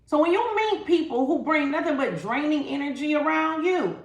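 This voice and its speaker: A woman's voice: sits high, expressive, moderate pace, hardly any pauses, roomy sound. A woman giving a live-stream tarot reading, talking emphatically and dramatically straight to her viewers. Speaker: tarot reader.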